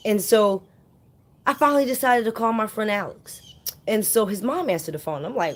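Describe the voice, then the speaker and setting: A woman's voice: mid-range voice, expressive, moderate pace. A woman vlogger casually telling a personal story straight to her viewers, chatty and often calling them "you guys".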